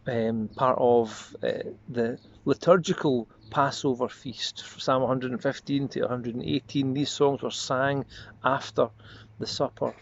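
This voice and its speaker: A man preaching a short devotional sermon as a pastor, earnest and reflective, slowing and softening on repeated prayer refrains. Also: mid-range voice. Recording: slightly dull lo-fi audio with faint noise.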